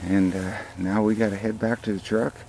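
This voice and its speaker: A man's voice: fairly low pitch, little pitch movement, brisk, warm tone, slight background noise, rough recording. An older man, hosting a hunting show outdoors by a field and rambling folksily about the hunt and his sponsors. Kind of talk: casual outdoor commentary.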